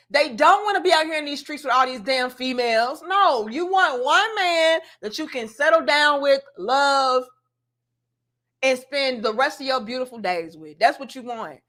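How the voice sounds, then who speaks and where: A woman's voice: high voice, lively intonation, normal speed, a bit bright. A woman hosting a reaction commentary, talking in an emphatic, sassy, preachy way. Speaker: commentary channel host.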